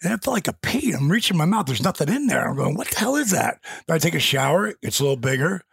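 A man in his sixties tells stories as a guest in a dry, close recording. His gravelly, slightly husky voice sits a bit high for a man and swings widely as he acts out quotes and sound effects. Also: animated, quick pace, dry recording. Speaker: interview guest. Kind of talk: casual storytelling in an interview.

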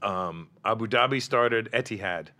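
A man's voice: lowish voice, moderate pace, pushed and bright. A male comedian telling road stories in a casual podcast chat, swearing and acting out the people in them. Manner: swearing storyteller, acts out voices.

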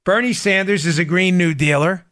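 Animated high-voiced male podcast host. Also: moderate pace, dry recording, studio quality. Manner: animated, sarcastic, mimics people in high voices. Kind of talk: political commentary monologue.

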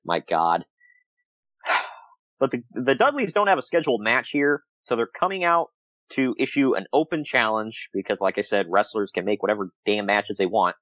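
A man's voice: on the low side, moderate pace, no room sound, poor audio. A man co-hosting a casual podcast, recapping old wrestling shows, laughing often and acting out quotes. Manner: laughs often, animated retelling with quoted asides. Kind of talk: casual chat.

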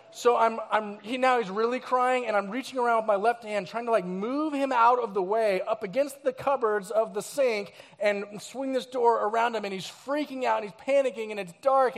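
Guy pastor telling a story at christmas eve service, kinda high voice, lots of acting out. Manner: storytelling, animated, acts out scenes and quotes. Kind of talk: sermon.

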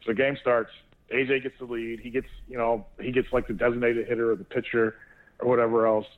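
A man co-hosting a talk show, telling a family story in an animated way and laughing as he goes. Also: mid-range voice, brisk. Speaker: co-host of a sports talk show. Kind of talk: casual storytelling chat. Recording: tinny phone line.

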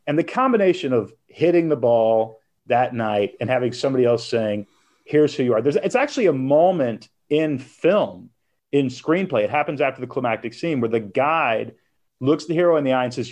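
A middle-aged man speaks at a middle pitch as an interview guest. He tells his story with animation, acting out quoted voices and laughing between lines. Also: expressive, a little fast, darkish tone. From United States. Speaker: guest author.

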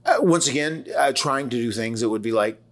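A man's voice: mid-range voice, brisk. A man in his forties with a Southern US accent, co-hosting a casual podcast and telling rambling stories full of quoted voices and restarts. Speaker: wrestler and podcast co-host.

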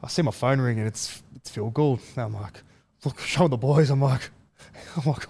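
A young man, a rugby league player, talks in a relaxed, halting way with many fillers and restarts as he tells stories in an interview. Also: a little high. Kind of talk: casual storytelling interview.

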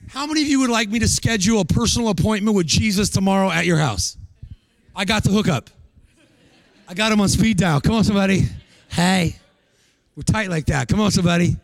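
A middle-aged man preaching a guest sermon with energy, in a sing-song cadence and shouted peaks. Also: high-pitched, fairly quick, no echo.

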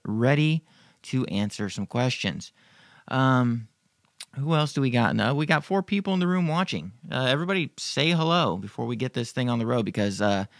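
A man's voice: mid-range voice, gravelly, no echo, clean studio sound. A man hosting a podcast, answering listener emails in a rambling, profane, joking way. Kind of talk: casual Q&A chat.

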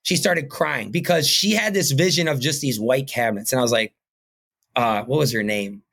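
A man's voice: mid-range voice, moderate pace, gravelly, fairly bright tone, breathy edge. Earnest rambling man in a podcast interview. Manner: earnest, rambling, fillers and "right?" tags. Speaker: podcast guest, painting company owner. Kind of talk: casual interview talk.

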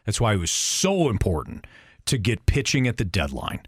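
Animated emphatic male sports talk host. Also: lowish voice, normal speed, slightly rough, no room sound, clean studio sound. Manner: emphatic, animated, repeats points for stress.

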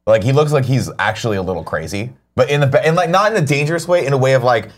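A man's voice: mid-range voice, expressive, racing. A man co-hosting a morning show in casual chat, joking and swearing while reading out viewer tips. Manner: joking, profane banter, reads viewer tips aloud.

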